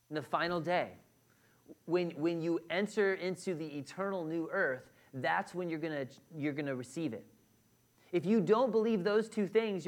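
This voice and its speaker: A man preaching a sermon to a congregation, conversational and direct, often checking in with the room. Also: a little high. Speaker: pastor. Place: church hall with a congregation.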